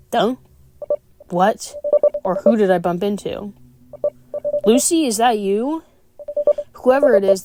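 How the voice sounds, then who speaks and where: A woman's voice: mid-range voice, heavy background noise. A woman reading a visual novel aloud as a gaming streamer, with wry, playful asides. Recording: game music playing behind.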